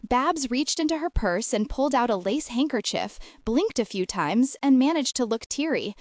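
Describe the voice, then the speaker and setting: A woman narrating an audiobook novel with expressive, lively storytelling. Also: fairly high pitch, normal speed, few pauses, dry recording, clean studio sound. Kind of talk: scripted narration.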